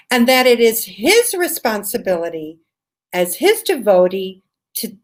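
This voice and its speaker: An American woman telling a personal story in an animated way, acting out the voices of the people she quotes. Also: mid-range voice. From USA. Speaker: storyteller guest.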